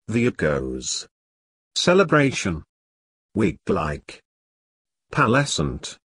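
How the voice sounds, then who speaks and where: Reading a vocabulary list aloud, a man says one word at a time and pauses after each, his pitch moving freely between words. His voice is low and husky, the delivery very slow, and the sound dry and close with no echo.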